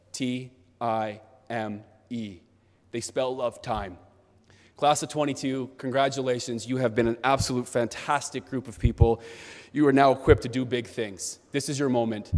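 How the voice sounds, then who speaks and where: A man giving an animated storytelling speech to graduates, acting out a child's voice in the telling. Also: medium pitch. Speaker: convocation speaker. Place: large convocation hall. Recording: long hall reverb.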